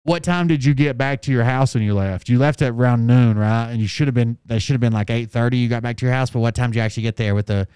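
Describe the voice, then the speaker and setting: A man's voice: medium pitch, fast talker, few pauses, mellow, clean tone, dry recording, clean studio sound. A man hosting a live stream, chatting casually and rambling with lots of fillers. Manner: rambling, filler-heavy, offhand.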